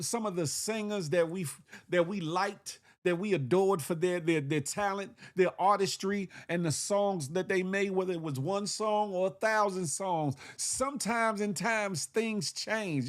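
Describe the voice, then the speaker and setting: High-voiced slangy livestream host man. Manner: shouting out viewers by name, slangy; animated, repeats phrases, says "huh?" often. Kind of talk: casual livestream chat.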